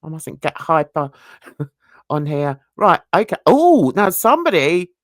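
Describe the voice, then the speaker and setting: A woman's voice: low voice, big pitch swings, unhurried, no room sound, studio quality. A woman hosting a true crime channel, reading viewer comments aloud in a casual, self-mocking way, stumbling over words and laughing at herself.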